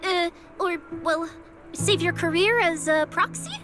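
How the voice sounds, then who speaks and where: A woman's voice: very high-pitched, unhurried. An actress voicing Cecilia, a playful, food-loving young female public security specialist in a video game, teasing and joking as she talks. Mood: mock-stern. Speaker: game character. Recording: game audio with music behind.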